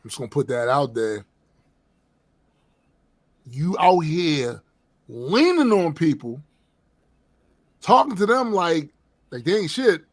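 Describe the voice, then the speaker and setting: Guy cohosting a live chat, slightly high voice, cracks jokes, teases and cusses. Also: big pitch swings, takes it slowly, long pauses, no room sound. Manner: joking, teasing, swears. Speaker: podcast co-host. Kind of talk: casual chat.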